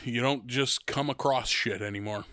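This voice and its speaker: A man in his thirties co-hosting a podcast in relaxed, rambling chat, swearing freely and poking fun at himself. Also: mid-range voice, moderate pace, no room sound. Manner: swearing, rambling, self-mocking. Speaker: podcast co-host. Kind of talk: casual chat.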